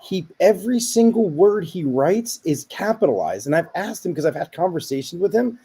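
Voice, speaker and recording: A man's voice: high voice, big pitch swings, moderate pace, dark tone, husky. A man co-hosting a podcast in casual chat, reading listener stories aloud. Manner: storytelling, reading posts aloud. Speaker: podcast co-host.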